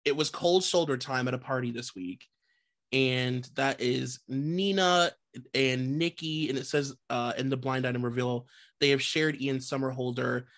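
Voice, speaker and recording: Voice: medium pitch, steady tone, measured pace, fairly bright tone. A podcast co-host chatting casually, reading gossip items and laughing often. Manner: laughs often, loose and joking, swears casually.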